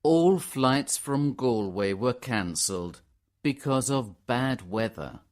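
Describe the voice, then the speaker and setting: Guy reading a learner story, slow, clear, lots of pitch movement. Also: lively intonation, a little mellow. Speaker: narrator. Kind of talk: scripted narration for learners.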